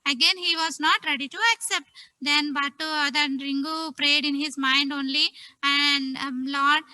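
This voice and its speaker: A woman telling a story to children at Sunday school, animated and quizzing them as she goes. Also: high voice, a little slow, dry recording, low-quality recording. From India. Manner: animated, asks children questions.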